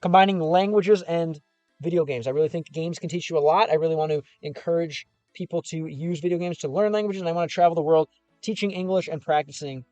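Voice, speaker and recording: A man's voice: on the high side, warm tone, no room sound. Rambling young man streaming from his car. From Chicago, United States. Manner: rambling and loose, with frequent fillers and restarts. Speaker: gaming and language streamer. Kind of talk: casual livestream chat, reading viewer comments.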